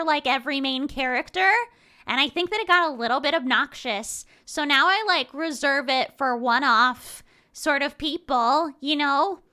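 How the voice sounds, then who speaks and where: Woman doing a super high bright perky girl voice, kinda piercing.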